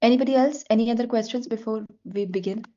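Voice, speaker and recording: A middle-aged woman teaches a French lesson over a video call, explaining each point patiently and switching easily between English and French. Her voice is mellow and a bit dark. The call audio sounds slightly dull. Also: on the high side, fast. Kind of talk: online class teaching.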